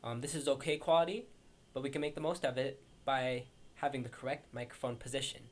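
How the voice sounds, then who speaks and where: A man's voice: medium pitch, steady tone, a little fast, slight background noise. A man hosting a casual how-to tutorial, talking directly to viewers into a condenser microphone. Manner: chatty, direct, addresses viewers. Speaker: video tutorial host. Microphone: condenser microphone, position varied.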